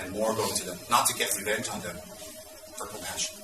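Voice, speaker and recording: A man teaching Buddhist students in an intense, dramatic way, at times breaking into loud exclamations. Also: fairly low pitch, fairly even intonation, a little fast, roomy sound, recorded from a distance, background noise.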